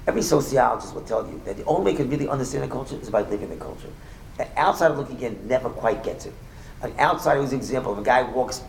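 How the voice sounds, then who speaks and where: A man teaching a Torah class as rabbi, rattling through points with jokes and restarts. His fairly high voice swings widely and turns gravelly, and the room around him echoes. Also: a little hiss or hum. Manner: animated, rapid, joking, with many restarts. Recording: echoey room with faint ambience.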